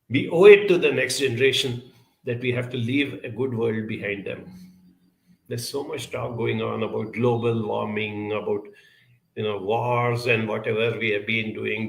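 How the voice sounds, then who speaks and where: A man gives a reflective advice talk, answering questions from his audience. His voice has a gravelly edge and a bright, forceful tone. He speaks deliberately and often pauses. The sound rings in an echoey room. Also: medium pitch. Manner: measured, deliberate, with frequent "uh" pauses.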